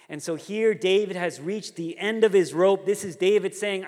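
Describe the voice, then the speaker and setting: A man preaching a sermon, telling stories in an animated way and acting out the characters. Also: on the high side, moderate pace, few pauses, big-room sound. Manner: storytelling, animated, voices characters. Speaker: pastor.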